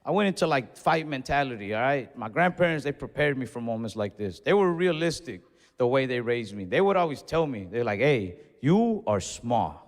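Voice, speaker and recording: A man's voice: mid-range voice, brisk. A man telling a stand-up story on stage, acting out the people in it and laughing as he goes. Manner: animated, acts out other people in dialogue, laughs mid-story. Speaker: stand-up comedian. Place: comedy stage in a hall. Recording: live hall reverb, faint ambience.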